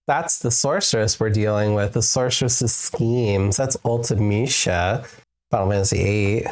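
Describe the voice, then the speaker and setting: A woman streamer chatting casually with her live viewers while gaming, playful and giggly, fond of teasing repetitions. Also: extremely low pitch.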